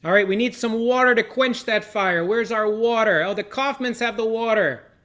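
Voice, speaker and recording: On a video call, a man runs an online seder, encouraging participants in an upbeat, casual manner with frequent fillers. He sits high in pitch and moves at a moderate pace, sounding bright and forceful.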